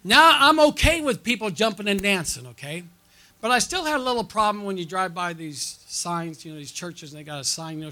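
A pastor preaching a conference sermon, telling stories and drawing call-and-response from the congregation with frequent "okay?" and "amen?" checks. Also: male voice, high-pitched, lively intonation, a little fast, pushed and bright. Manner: storytelling with audience call-and-response.

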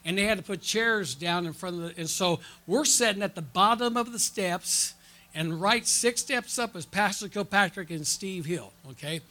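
A pastor preaching a conference sermon, telling stories and drawing call-and-response from the congregation with frequent "okay?" and "amen?" checks. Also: male voice, high-pitched, moderate pace, bright, forceful tone. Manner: storytelling with audience call-and-response.

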